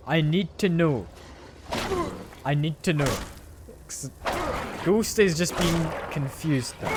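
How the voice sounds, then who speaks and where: A man's voice: fairly high pitch, slight background noise. A man streaming a game, chatting casually with his chat and playfully defending how he says a word. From Britain.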